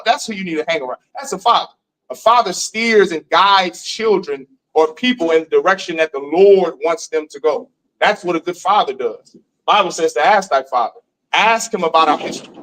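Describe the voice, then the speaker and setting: A man's voice: high voice, a bit bright, poor audio. A man from Missouri giving a preachy street lecture, telling stories and putting questions to the room. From Missouri, USA.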